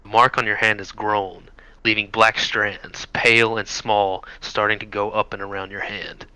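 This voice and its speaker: A man's voice: lowish voice, level tone, normal speed, pushed and bright, smooth, dry recording, low-quality recording. A man narrating a tabletop role-playing game as game master, with frequent hesitations. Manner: hesitant with many ums.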